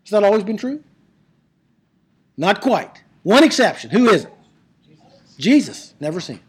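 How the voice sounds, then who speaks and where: A Bible teacher giving an emphatic classroom lecture on biblical Greek, asking rhetorical questions and slowing down to stress key words. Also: medium pitch, big pitch swings, slightly rough.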